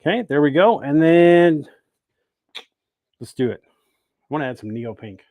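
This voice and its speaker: A man's voice: on the high side, lively intonation, a little slow, a little mellow, dry recording. A man hosting a casual livestream from an indoor workshop, chatting and greeting viewers by name as he works. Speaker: host of a bait-making livestream. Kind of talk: casual livestream demo talk.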